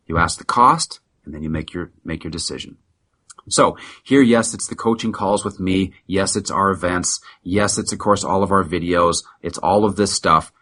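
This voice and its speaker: A man's voice: sits low, bright, forceful tone. A middle-aged man from the United States, a practice consultant giving a blunt, emphatic, preachy motivational sales talk as a guest.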